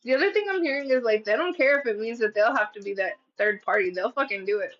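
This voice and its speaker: A woman's voice: fairly high pitch, expressive, quick pace, a bit bright. A woman doing a casual tarot reading, blunt and profane, acting out what people say and laughing at her own readings. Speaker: tarot reader. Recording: slightly dull lo-fi sound.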